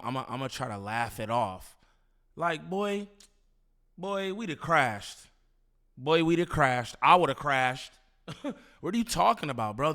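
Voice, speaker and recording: A man's voice: fairly high pitch, fairly bright tone. A man hosting a casual reaction commentary, talking in slang, repeating himself and laughing in disbelief. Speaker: commentary host reacting to a clip.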